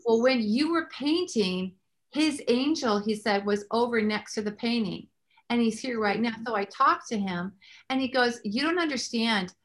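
A woman hosting a faith talk show, telling stories in an animated way and praying aloud. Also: fairly high pitch, moderate pace. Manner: animated storyteller, prays aloud. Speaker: host.

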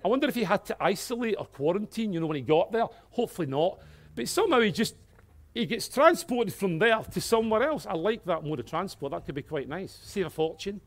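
A man preaching a sermon, swinging from hushed, earnest passages to loud exclamations, with light-hearted asides. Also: sits high, animated, fairly quick. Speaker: pastor.

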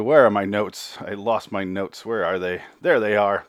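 Podcast host, male, lowish voice, dry close sound, rambling and profane. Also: normal speed, hardly any pauses, dry recording. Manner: rambling, profane, self-interrupting. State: slightly out of breath. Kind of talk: casual episode recap.

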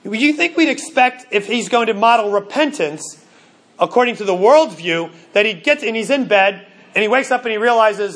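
Brief: male pastor, high voice, earnest sermon delivery, slows to stress points. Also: animated, a bit bright. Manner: earnest, stumbling restarts, slows for emphasis.

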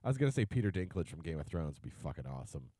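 Lively joking man, dry close mic. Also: extremely low pitch, racing, no echo. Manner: joking, animated, swears casually. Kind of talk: casual chat.

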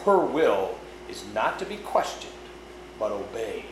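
A man's voice: fairly low pitch, very animated, measured pace, pitched below the performer's own voice. A man reading aloud, voicing a stern male warden of an underground realm with formal, commanding speech in a storybook. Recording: echoey room with background noise.

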